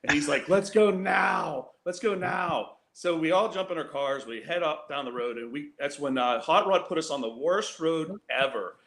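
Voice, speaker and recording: A man's voice: fairly high pitch, animated, normal speed, hardly any pauses, a bit bright. A man who races cars, telling a rambling, self-mocking road story with laughs over a video call. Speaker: guest drag racer.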